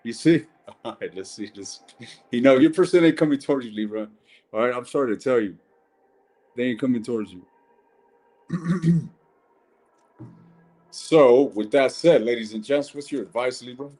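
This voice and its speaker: A man's voice: mid-range voice, moderate pace, long pauses, darkish tone. A man giving a casual live-stream tarot reading, blunt and chatty, swearing and calling viewers ladies and gents.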